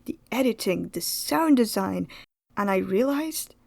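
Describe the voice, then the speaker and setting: A young woman narrating her own animation project in a calm, reflective vlog voice. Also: medium pitch, a little slow, vocal fry, dry recording. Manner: flustered, exasperated, laughing and near tears. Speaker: animator vlogger. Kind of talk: vlog narration and screen-recorded reactions. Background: background music.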